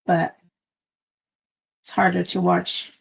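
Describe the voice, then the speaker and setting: A woman's voice: lowish voice, monotone, slow pace, creaky, slight background noise. A woman hosting a casual craft live stream from home, chatting in a meandering way with lots of fillers, recorded on a phone. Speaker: craft channel host.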